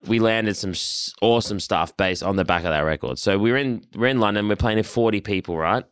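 A man, a band member telling stories loudly and animatedly, swearing freely in casual chat. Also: on the low side, fairly quick, clear, resonant tone, no echo, studio quality. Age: 30s. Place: rehearsal studio.

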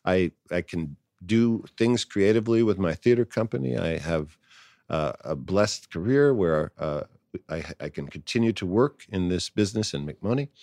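A man's voice: low-pitched, expressive, normal speed, darkish tone, dry recording, studio quality. A man in his sixties from New York City, a guest in a casual interview, talking in a reflective, thoughtful way. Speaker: actor guest.

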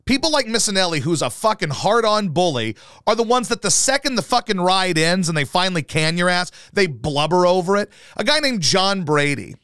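A man's voice: on the high side, a bit bright, clear, resonant tone, no echo, clean studio sound. A man hosting his own podcast, ranting in a profane, combative, rambling way. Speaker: podcast host.

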